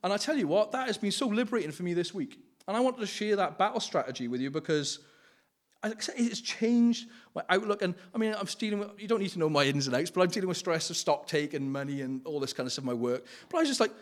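A man preaching an informal sermon in a somewhat high voice, earnest and pleading. He laughs often and corrects himself mid-sentence. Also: expressive, fast. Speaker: lay preacher. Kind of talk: informal sermon with personal testimony.

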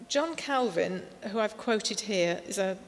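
A woman preaching a sermon, slow and emphatic, with warm storytelling asides. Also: mid-range voice, animated. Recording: long hall reverb, faint noise.

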